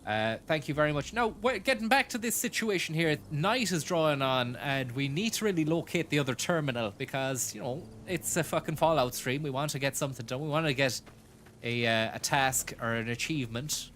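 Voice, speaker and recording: A man's voice: on the high side, animated, fairly quick, fairly bright tone, a little hiss or hum. A man hosting a casual gaming stream, joking, swearing and thanking viewers for tips. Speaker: streamer host.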